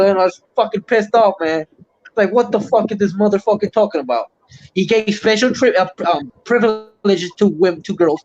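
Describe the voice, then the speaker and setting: A man's voice: high voice, normal speed, darkish tone. A man hosting a livestream, ranting in casual, heavily profane chat. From Puerto Rico. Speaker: livestream host. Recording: muffled lo-fi stream audio.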